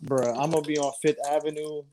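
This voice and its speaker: A man's voice: a little high, little pitch movement, quick pace, heavy background noise. A man co-hosting a podcast, boastful and hyped, swearing freely in casual banter.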